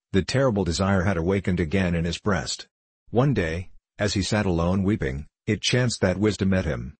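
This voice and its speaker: A man reading a fable aloud as narrator with a measured delivery. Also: low voice, breathy edge, no room sound. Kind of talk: storybook reading.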